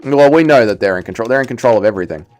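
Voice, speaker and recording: Excitable young man streaming a fight game. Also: mid-range voice, very fast. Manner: excitable, swears, reacts to the game and reads chat aloud. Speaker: livestreamer. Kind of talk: casual live-stream chat while gaming.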